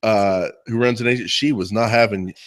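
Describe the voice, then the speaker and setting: A man's voice: fairly low pitch, steady tone, a little fast. Male podcast co-host, teasing casual storyteller. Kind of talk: casual chat.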